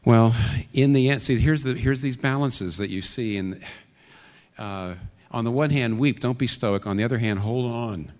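A man's voice: mid-range voice, normal speed. A man preaching a sermon in an earnest way, his voice climbing into urgent questions. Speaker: pastor. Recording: long reverb of a large hall.

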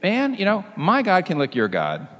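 A preacher acting out a brash prophet's challenge. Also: male voice, high-pitched, huge pitch swings, normal speed, a bit bright, long reverb tail, slight background noise, voice pushed up, full character voice. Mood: challenging. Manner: brash, boastful. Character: bold male prophet issuing a challenge.

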